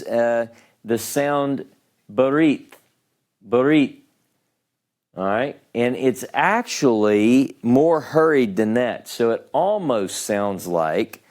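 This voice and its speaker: Slow, patient man teaching a class. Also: mid-range voice, darkish tone. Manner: patient, explaining step by step, frequent "okay?". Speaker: Hebrew teacher. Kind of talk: classroom lesson. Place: classroom with a writing board.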